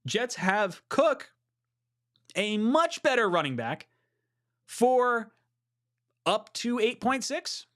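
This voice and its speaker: A man hosting a casual sports call-in show, excitable and quick to swear while he reads viewer messages. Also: extremely high pitch. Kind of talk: casual livestream sports talk.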